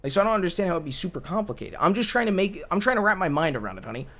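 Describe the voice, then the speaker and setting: Racing along in a high-pitched, fairly bright voice, a man plays an exasperated young character in an improvised game roleplay, heavily acted and very animated. Frustrated, he pleads with his partner, says things over again, and trips on his own restarts.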